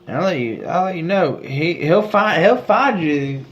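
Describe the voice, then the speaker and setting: A man's voice: fairly high pitch, lively intonation, normal speed. A man co-hosting a comedic podcast, rambling in a joking good-ol'-boy bravado. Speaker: podcast co-host. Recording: slightly dull recording with faint noise.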